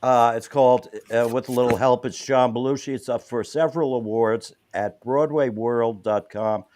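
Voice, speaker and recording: A man's voice: mid-range voice, fairly even intonation, normal speed, a little mellow, slight background noise. A man hosting an interview show, playful and loose in casual chat. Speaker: host.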